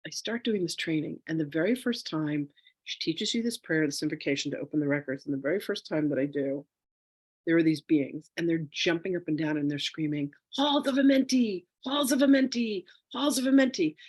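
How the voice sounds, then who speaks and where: A middle-aged woman teaching a live online class as a spiritual teacher, telling her own story with lively acted-out dialogue, speaking into a phone. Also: low-pitched, a little fast, slightly rough, no echo. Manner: animated storyteller, acts out quoted dialogue.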